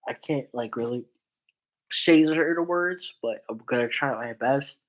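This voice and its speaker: A man's voice: medium pitch, measured pace, poor audio. A man with a stuffy nose from a cold, chatting in a rambling casual commentary vlog with lots of fillers. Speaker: YouTuber.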